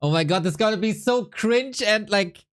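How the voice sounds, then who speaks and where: A woman's voice: medium pitch, animated, normal speed. A woman with a German accent, an esports caster chatting casually on a livestream, playful, laughing and swearing often.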